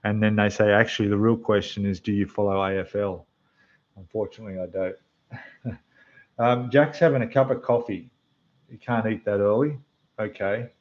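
Aussie bloke rambling on his model building stream, lowish rough voice, kinda dull muffled mic. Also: steady tone, moderate pace, pauses often. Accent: Australian. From Australia. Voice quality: rough, losing its depth. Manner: chatty, rambling, talks to the chat while building. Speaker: scale model livestream host. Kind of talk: casual livestream chat. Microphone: desk microphone, quieter when turned away.

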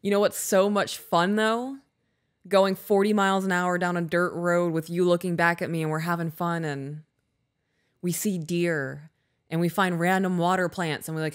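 A woman's voice: fairly low pitch, steady tone, a little fast. A woman co-hosting a podcast in casual chat, candid and emotional, swearing freely. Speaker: podcast co-host.

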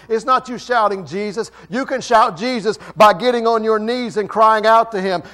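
Passionate male pastor, somewhat high voice. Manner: passionate, swings between loud and soft. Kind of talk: sermon.

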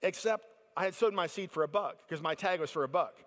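Animated male preacher in a big hall. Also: high-pitched, a little fast. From United States. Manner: animated storyteller acting out others' excited voices. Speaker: conference speaker. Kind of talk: storytelling sermon.

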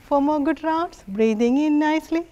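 A woman yoga instructor guiding a family class in a gentle, encouraging way, often laughing softly. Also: high-pitched, normal speed, dull audio.

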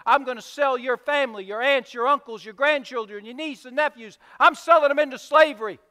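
A man voicing a stern, demanding king who rattles off threats in rapid bursts, with long hall reverb. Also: very high-pitched, sharp tone, smooth. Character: stern demanding wealthy king, male, adult.

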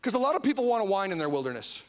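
Animated high-voiced male pastor preaching. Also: rapid-fire. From Iowa. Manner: animated, with mock whiny voices and calls for the crowd to repeat. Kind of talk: sermon. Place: church service.

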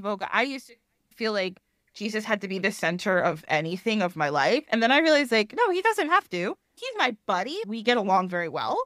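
Lively, rambling woman podcast guest. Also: a little high, dry recording, studio quality. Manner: animated, rambling, laughs often, acts out quotes. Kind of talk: casual chat.

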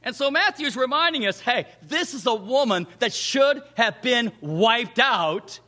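Man, preacher, sermon, high voice, lively pitch. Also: measured pace. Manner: animated, acts out the quoted voices in the scripture story.

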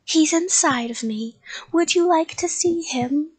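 A woman voicing a playful male monster in a costume, loud and theatrical with slow drawn-out words, as she reads a storybook aloud. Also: very high voice, pitched above the performer's own voice. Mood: menacing.

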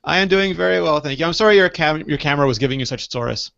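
A man's voice: fairly high pitch, lively intonation, very fast, vocal fry, a bit bright. A man born in South Africa hosting a live podcast, with a playful, teasing way of talking. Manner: playful, teasing, jumps into joke voices. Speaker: podcast host. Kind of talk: casual live podcast chat. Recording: lo-fi online call audio.

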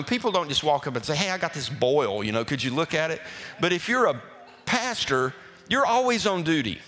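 A man, a pastor, tells a folksy testimony to his congregation, animated and stumbling over repeated words. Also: on the high side. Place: church sanctuary. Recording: reverberant hall with faint music.

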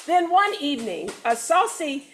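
A woman reading a children's picture book aloud during a worship service, in an animated sing-song storytelling voice. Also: high voice, moderate pace, slight background noise.

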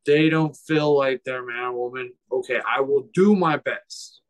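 Measured man, a fighter on a podcast. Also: medium pitch, low-quality recording. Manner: measured, searching for words. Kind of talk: casual podcast conversation.

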